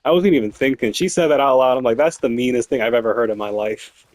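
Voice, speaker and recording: A young man chats loosely while he plays, piling up fillers and curse words and breaking into laughs. His voice sits at an ordinary pitch. The sound is dry and close, with no room around it. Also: quick pace, darkish tone, dry recording. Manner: rambling, profane, laughs often, many fillers. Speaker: streamer. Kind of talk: casual storytelling while gaming.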